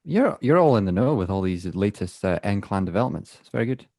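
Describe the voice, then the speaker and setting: A man's voice: fairly low pitch, expressive, a little mellow, dry recording, studio quality. Joking young man, co-host. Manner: apologetic, joking, halting. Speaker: podcast co-host. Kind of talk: casual chat. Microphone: video call.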